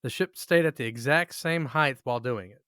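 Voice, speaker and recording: A man's voice: medium pitch, normal speed, sharp tone, clear, resonant tone, dry recording, clean studio sound. A man co-hosting a podcast, telling a story in a crude, joking way with plenty of swearing. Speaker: podcast co-host. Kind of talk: casual storytelling chat.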